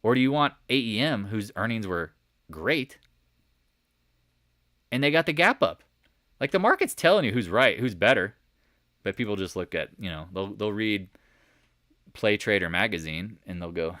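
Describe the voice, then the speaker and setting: A low-voiced man with a twang runs a live market chat, talking straight at his viewers. He is animated and quick to toss rhetorical questions at the chat. The sound is close and dry, with no room around it. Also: no room sound. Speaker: market commentary host. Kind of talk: live stock chart commentary.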